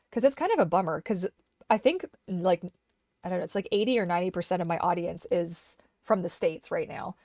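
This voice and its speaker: A woman's voice: fairly low pitch, quick pace, darkish tone, dry recording, studio quality. A woman live streaming from her desk, chatting casually and rambling with many restarts, her voice slightly worn. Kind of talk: casual livestream chat. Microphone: desk microphone.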